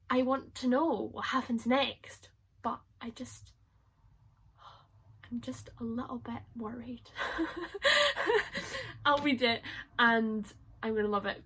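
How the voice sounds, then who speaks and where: A young woman chatting to camera about books. Her voice sits a little high and sounds bright and crisp. She talks in an excitable, gushing way and laughs often. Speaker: book vlogger. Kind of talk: casual chat to camera.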